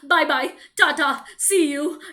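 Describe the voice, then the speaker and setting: A flustered fox, as a woman puts him on, stammering politely as he edges away, in a storybook telling for small children. The voice is bright and fairly high. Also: slow, full character voice. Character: nervous fox, stammering excuses.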